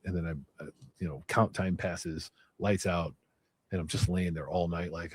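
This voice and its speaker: A man calmly and candidly recounting a violent jail memory in casual storytelling. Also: low voice, normal speed, slightly rough. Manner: candid, matter-of-fact recounting.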